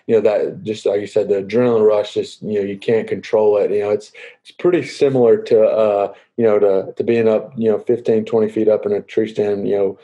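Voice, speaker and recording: Young guy, lowish mellow voice, kinda muffled audio, lots of um and you know. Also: level tone. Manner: halting, lots of fillers, easygoing. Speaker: guest, professional baseball player. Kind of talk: casual interview answers.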